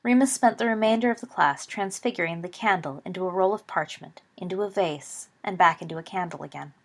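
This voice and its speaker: Lady reading a story out loud, calm steady narration. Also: on the low side, brisk.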